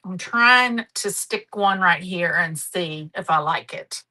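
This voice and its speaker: Bright slow-talking woman. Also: on the low side, poor audio. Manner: chatty, homey and affectionate. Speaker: craft show host. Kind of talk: live craft demonstration.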